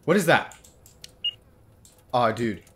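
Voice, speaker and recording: A man's voice: mid-range voice, animated, takes it slowly, a bit bright, a little hiss or hum. A young man giving horror game commentary, jumpy and slangy, yelping when startled and talking back to the game. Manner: slangy, keeps saying dude and bro. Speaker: gaming video host.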